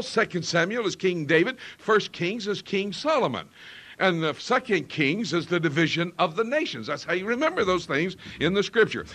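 A man's voice: high voice, pushed and bright. A man preaching a sermon with an emphatic rising and falling cadence, often asking the congregation questions.

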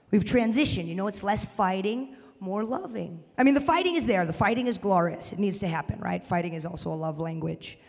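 A woman performing a stand-up comedy set, animated and breaking into loud shouted bits. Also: medium pitch, fairly quick, hardly any pauses. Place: live comedy venue with audience. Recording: live room with long reverb.

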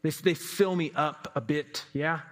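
A man's voice: on the high side, fairly even intonation, measured pace. A man giving a devotional sermon in a reflective, conversational way, asking his listeners questions. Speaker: preacher.

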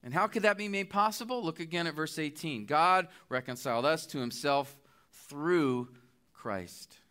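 A man's voice: fairly high pitch, animated, normal speed, sharp tone, clean tone. A middle-aged man preaching a sermon, earnest and pleading as he makes his appeals. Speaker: guest preacher.

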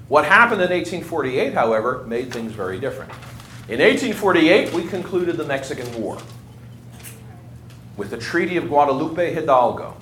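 Man lecturing a class, conversational, quizzes his listeners, animated pitch, roomy echo, faint background hiss. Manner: lively, conversational, asks the class questions. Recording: echoey room, faint ambient noise.

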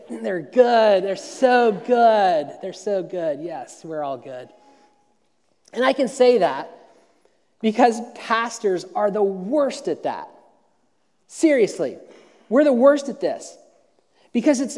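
A man's voice: high-pitched, darkish tone. A man preaching a conversational sermon as pastor, telling stories and often repeating and restarting words. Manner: storytelling, frequent word repeats and restarts. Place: church auditorium. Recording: long reverb of a large hall.

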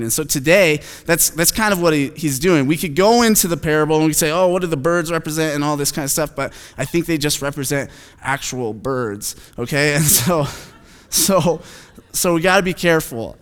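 A man preaching a sermon in a relaxed, conversational way, with self-deprecating asides and frequent fillers. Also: on the high side, clean tone. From Phoenix, United States. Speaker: pastor. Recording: long hall reverb.

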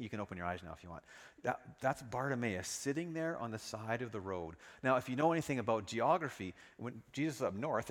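Male pastor, animated sermon delivery, mid-pitched, long church-hall reverb. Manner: lively, dramatic storytelling.

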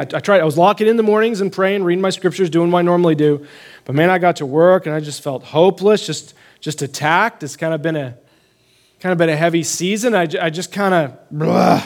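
A young adult man pastor telling a personal story in a conversational sermon, animated and rising when he proclaims scripture. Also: a little high.

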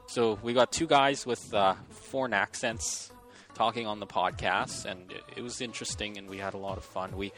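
Halting podcast host man. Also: on the low side, fairly even intonation, fairly bright tone, soft background music. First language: Chinese. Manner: halting, repeats words. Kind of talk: casual chat.

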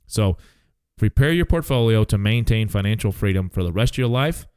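A man's voice: lowish voice, animated, brisk, darkish tone, clear, resonant tone, dry recording. A man in his sixties hosting a casual financial talk show as an advisor, speaking emphatically and tagging his points with "okay?".

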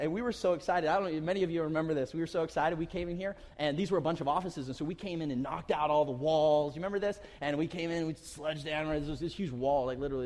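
A man's voice: on the high side, a little mellow. A pastor giving a sermon in a conversational, storytelling way, often chuckling as he talks. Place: church hall. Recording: long reverb of a hall.

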